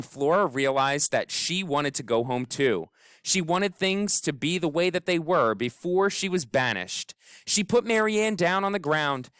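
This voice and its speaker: Give me a lively, expressive male audiobook narrator. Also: fairly high pitch, unhurried, clean tone, dry recording, studio quality. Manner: expressive, wry storytelling. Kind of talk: scripted narration.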